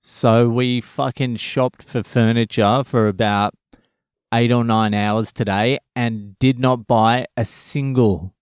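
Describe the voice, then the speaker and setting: A man's voice: medium pitch, takes it slowly, smooth, dry recording, clean studio sound. A man, a father in his thirties, telling a profane, joking story about furniture shopping in a casual vlog. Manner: profane, joking, animated retelling. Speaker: vlogger.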